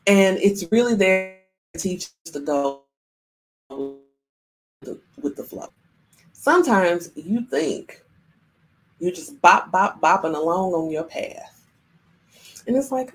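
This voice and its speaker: A woman in her younger adult years hosts a spiritual livestream and talks straight to her viewers. Her voice sits a little low. She keeps slipping into playful voices to act things out. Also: animated, measured pace, pauses often, low-quality recording. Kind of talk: live-streamed spiritual talk.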